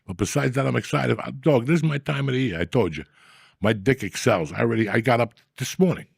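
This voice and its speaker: A man's voice: medium pitch, lively intonation, quick pace, vocal fry, husky, dry recording, clean studio sound. A man hosting a comedy podcast, telling profane, rambling stories in crude casual banter.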